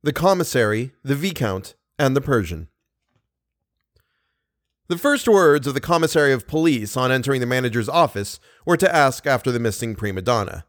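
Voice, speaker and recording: A man narrating an audiobook in an expressive, steady storytelling manner. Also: medium pitch, normal speed, no echo, studio quality. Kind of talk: scripted narration.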